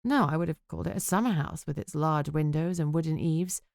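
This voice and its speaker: Female audiobook narrator, lowish voice, dry close-miked read. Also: a little fast, gravelly, darkish tone, no echo. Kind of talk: first-person audiobook narration.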